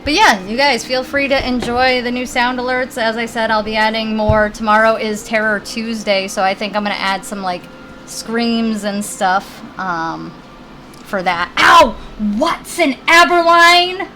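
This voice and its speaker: A woman's voice: on the high side, flat delivery, normal speed, a bit bright, a little hiss or hum, poor audio. A woman live-streaming a video game in casual chat, talking with viewers and her puppies at her computer. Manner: chatty, talks to her puppies between game lines.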